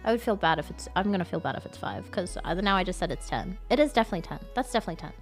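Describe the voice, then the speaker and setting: A woman streamer chatting casually with her viewers. She is excitable, swears often and shrieks when she thanks people for gifts. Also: lowish voice, very fast, faint music behind. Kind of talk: casual livestream chat.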